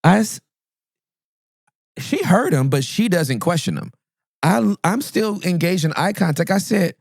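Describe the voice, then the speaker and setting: A man, a pastor and podcast guest, telling a funny story in a playful, self-mocking way and swooping up high for the punchlines. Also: sing-song, a little slow, gravelly, no room sound, studio quality. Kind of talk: animated comic storytelling in a podcast interview.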